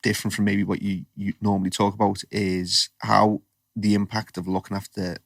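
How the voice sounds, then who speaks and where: A man's voice: on the low side, little pitch movement, normal speed, gravelly, no room sound, clean studio sound. A man hosting a podcast interview, chatty and rambling, often restarting his sentences. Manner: chatty, rambling, self-correcting. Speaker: podcast host. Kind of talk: casual interview chat.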